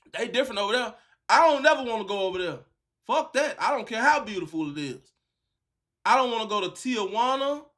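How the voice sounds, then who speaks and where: High-pitched man reacting with slang. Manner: animated, laughing, profane slang, bursts of shouting. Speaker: reaction video host. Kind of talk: casual reaction commentary.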